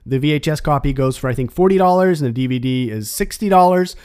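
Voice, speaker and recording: A man's voice: a little high, expressive, fast, a little mellow, clean tone. Affable man hosting an interview. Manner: affable, thanks guest, chatty sign-off. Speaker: podcast host.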